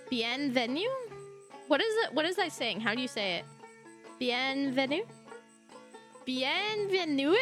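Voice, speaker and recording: A woman's voice: sits high, pushed and bright. A woman game streamer chatting casually and giggling with her viewers while she plays. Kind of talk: casual live-stream chat. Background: faint game music.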